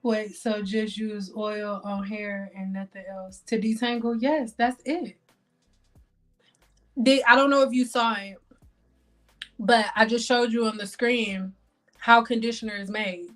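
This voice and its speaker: A woman hosting a casual hair care live stream, loud and dramatic, swearing and talking straight to her chat. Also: mid-range voice, steady tone, unhurried, faint music behind.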